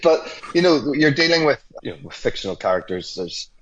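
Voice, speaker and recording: A man in his forties, a guest actor in a casual radio conversation, reflective and quick to laugh. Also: mid-range voice, sing-song, a bit bright, highs cut off. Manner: reflective, laughs often, many restarts.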